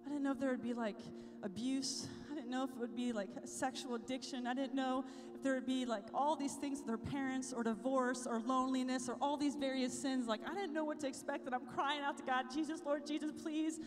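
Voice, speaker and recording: A woman's voice: sits high, steady tone, fairly quick, few pauses. A woman giving an evangelical keynote to a youth conference, passionate and rising into fervent prayer, in a large hall with music behind. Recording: long hall reverb with music.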